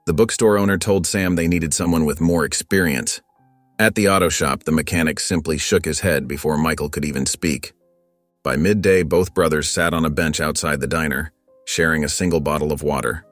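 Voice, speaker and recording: Deep-voiced male narrator, calm and measured, over soft music. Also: dry recording. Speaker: storyteller. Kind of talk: scripted narration. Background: faint background music.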